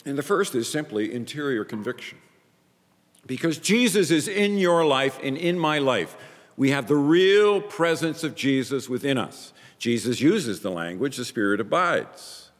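A man preaching a sermon as a pastor, emphatic, repeating phrases in pairs and swinging between loud and quiet. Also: medium pitch, lively intonation, a little slow, in a large hall.

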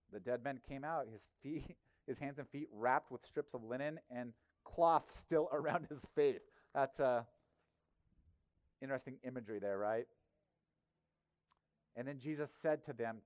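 A male pastor preaching a sermon in a conversational, animated way, often acting out quotes. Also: medium pitch, moderate pace, no room sound.

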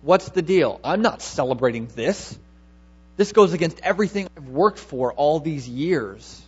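A man's voice: fairly high pitch, lively intonation, unhurried, breathy edge, lo-fi sound, exaggerated voice. A man preaching a sermon, voicing a resentful older brother who complains bitterly.

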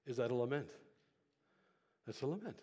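This pastor's voice is medium in pitch, expressive and slightly rough. Giving a sermon to the congregation, he swings from hushed and slow to loud and fervent, breathing hard into the mic.

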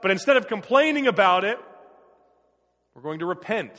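A man's voice: high-pitched, animated, moderate pace, sharp tone, in a large hall. A man preaching a sermon in an earnest, emphatic way, often repeating his phrases. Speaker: pastor.

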